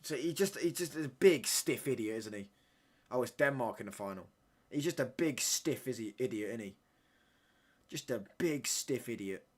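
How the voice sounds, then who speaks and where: A young man live-streaming a football watchalong, reacting excitedly and bantering with viewers in slangy chat. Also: mid-range voice, moderate pace, husky.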